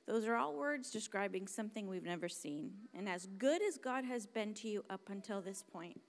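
A woman preaching a sermon, dramatic and emphatic, dropping to hushed whispers and then rising to loud exclamations. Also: mid-range voice, expressive, moderate pace. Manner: emphatic, repeats words for stress.

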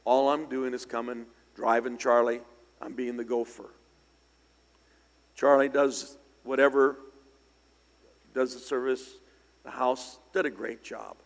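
An older male pastor tells stories from the pulpit in an easy, conversational way, then breaks into loud, emphatic bursts. His voice sits at a middle pitch. A long reverb from a large church hall trails every phrase. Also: level tone, a little slow, vocal fry, long pauses. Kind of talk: storytelling sermon.

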